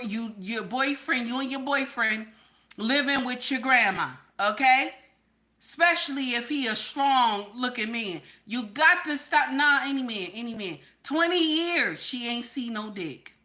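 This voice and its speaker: Blunt, bright-voiced woman streaming live. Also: fairly high pitch. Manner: blunt and profane, keeps adding "okay?"; repeats her points over and over. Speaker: livestream host. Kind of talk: casual live-stream commentary.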